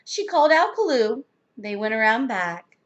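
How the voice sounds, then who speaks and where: A woman reads a children's storybook aloud with expressive delivery. Her voice sits high and moves in a lively, animated way. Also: moderate pace, highs cut off. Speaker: reader.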